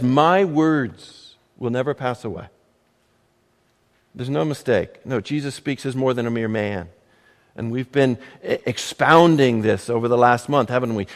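A man preaching a sermon in a church sanctuary, his fairly high voice carrying a long echo from the hall. He speaks emphatically and in a measured way, with dramatic pauses and rhetorical questions. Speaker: pastor.

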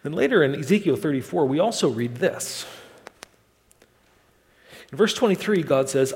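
A man preaching a sermon in a measured, emphatic way, asking rhetorical questions. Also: a little high, animated, darkish tone. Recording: long hall reverb.

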